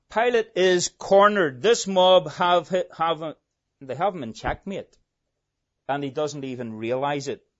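A man preaching a sermon, telling the story dramatically and swinging between loud emphasis and hushed asides. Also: fairly high pitch. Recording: dull lo-fi recording.

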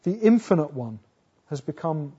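Husky-voiced man preaching a sermon. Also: sing-song. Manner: earnest, building to loud emphatic peaks, then dropping low; halting restarts and rhetorical questions. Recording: dull lo-fi sound.

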